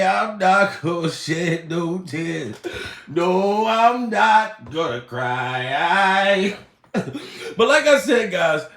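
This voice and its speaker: A man's voice: sits high, fairly bright tone. A man hosting a comedy livestream, ranting profanely, laughing often and putting on mock crying. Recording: echoey room.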